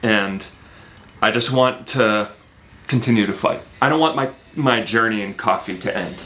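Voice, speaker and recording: Young male vlogger, low-ish voice, sincere and playful, light background hiss. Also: moderate pace, sharp tone. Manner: earnest and reflective, then joking. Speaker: vlogger building a home. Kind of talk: casual vlog talk.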